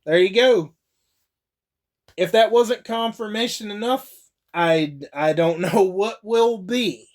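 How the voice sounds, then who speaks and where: Brief: high-pitched young male reviewer, slow loose delivery, laughs and curses through a show recap. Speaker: TV episode reviewer. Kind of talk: casual spoken recap.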